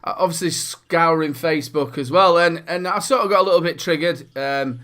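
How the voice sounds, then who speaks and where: A man's voice: on the high side, normal speed, bright, forceful tone. A man with a Northern English accent hosting a casual live stream, upbeat and affectionate as he thanks his viewers. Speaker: host.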